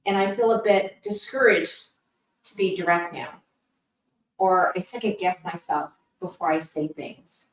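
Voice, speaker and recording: A woman's voice: fairly low pitch, unhurried. Distant, roomy-sounding woman asking for advice. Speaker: caller asking a question. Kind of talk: asking a question on a live show.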